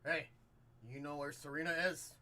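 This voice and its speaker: Loudmouth one-eyed thug, gruff and threatening, put on by a male game master. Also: a little high, normal speed, pitched above the performer's own voice. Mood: menacing. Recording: steady background noise.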